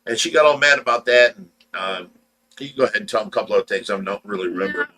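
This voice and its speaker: A man's voice: on the low side, quick pace, bright, forceful tone, poor audio. A man from Ohio casually telling a long story on a livestream, rambling and repeating words as he acts out the dialogue. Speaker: livestream host.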